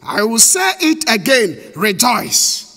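A man's voice: very high-pitched, big pitch swings, takes it slowly, bright, forceful tone. A Ghanaian man, a pastor whose first language is Twi, preaching a sermon that switches between English and Twi, repeating key words and calling out to the congregation. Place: church hall. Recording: long reverb of a church hall.

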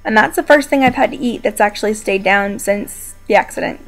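A brisk, mid-range female voice belongs to a young video blogger filming a casual personal vlog downstairs at home. Though injured and hurting, she talks to her viewers in a rambling, chatty, quietly upbeat manner.

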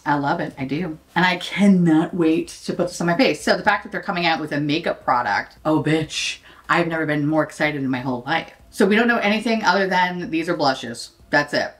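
A woman's voice: low voice, a little fast, few pauses. A woman in her late thirties chatting as a beauty vlogger, brash and profane, mocking herself and laughing often. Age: late 30s. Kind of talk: casual chat.

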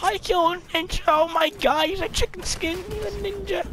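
A gamer putting on a hoarse, raspy voice to troll strangers in voice chat, with panicky, squealing exclamations. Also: very high-pitched, steady tone, moderate pace, background noise.

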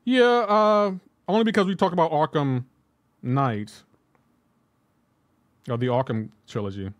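A gaming livestreamer with a fairly high voice chats loosely with viewers while playing, talking back to them and using "like" constantly. He's unhurried, and there's no echo.

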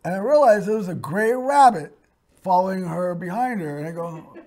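A man's voice: sits high, lively intonation, normal speed, a little mellow. A man hosting a show, telling a personal story in a rambling way, full of fillers and restarts. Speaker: host.

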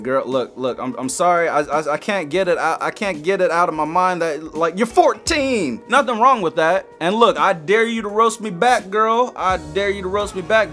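A young man doing a playful roast while reacting to a music video, with sudden squeaky high outbursts. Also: fairly bright tone. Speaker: comedy reaction youtuber. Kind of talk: joking reaction commentary.

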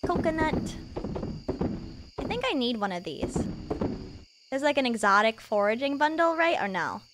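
Bubbly high-voiced woman streamer. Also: moderate pace, noisy background. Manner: rambling, self-mocking, jumps between mumbling and loud excitement. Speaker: game streamer. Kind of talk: live gameplay stream chatter.

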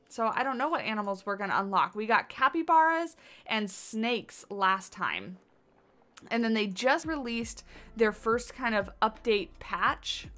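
Medium in pitch and sharp in tone, this weary woman is livestreaming a game through a boom-arm desk mic. As she builds, she muses out loud in casual chat and says hello to viewers by name.

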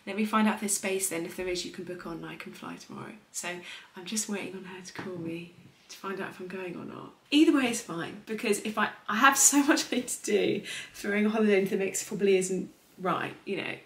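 A woman's voice: mid-range voice, fast talker, hardly any pauses. A young woman in her twenties, talking in a rambling, confiding way as she vlogs her day. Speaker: lifestyle vlogger. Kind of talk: chatty vlog narration. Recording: echoey room, faint noise.

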